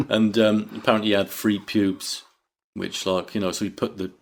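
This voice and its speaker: Male podcast co-host, lowish voice, rambling and sweary banter. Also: level tone, a little slow, a little hiss or hum. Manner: rambling, sweary, laughs easily. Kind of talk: casual comedy chat.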